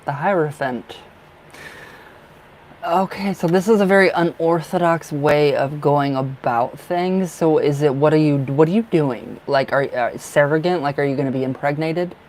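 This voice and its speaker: A man reading tarot cards on a live stream. He is excitable and emotional, and he thinks aloud in rambling bursts with many restarts. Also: fairly high pitch, moderate pace, slight background noise, poor audio. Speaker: tarot reader.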